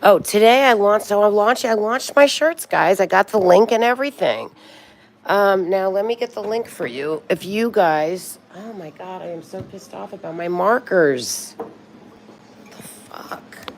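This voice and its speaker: A woman's voice: medium pitch, expressive, moderate pace, slight background noise. A woman in her sixties chatting casually on a live stream, talkative and swearing freely when frustrated. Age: 60s.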